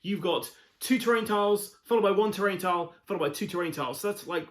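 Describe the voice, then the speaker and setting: A man's voice: high-pitched, fast talker, fairly bright tone. Chatty British man in an echoey room. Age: 30s. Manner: chatty, lots of fillers, talks straight to viewers. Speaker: board game channel host. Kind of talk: solo board game playthrough commentary.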